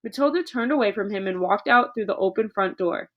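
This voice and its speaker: A woman narrating a children's book aloud in a steady storytelling voice. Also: mid-range voice, a little fast, muffled recording. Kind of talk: audiobook reading.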